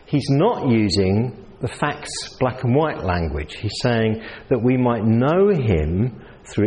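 A man's voice: medium pitch, darkish tone, a little hiss or hum. A man with a New Zealand accent preaching a sermon in a conversational way, asking his audience questions. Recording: reverberant hall.

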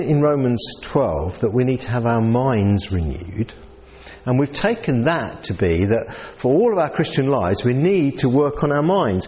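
A man preaching a sermon into a handheld mic, telling stories in a lively way and acting out the people in them. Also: medium pitch, a little hiss or hum. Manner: lively storytelling with voiced characters. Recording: long hall reverb, faint ambience.

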